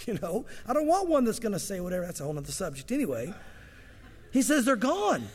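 A man's voice: high voice, sing-song, brisk, slightly rough, in a large hall. A man preaching a sermon in a conversational way, with casual asides to the congregation. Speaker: pastor.

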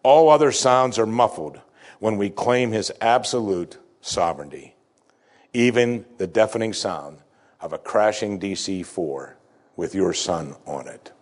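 A man with a fairly low voice delivers a sermon to his congregation. He tells a story with deliberate dramatic pauses, and he slows down to stress the lines that matter. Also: lively intonation. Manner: emphatic, slows for key phrases. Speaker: pastor.

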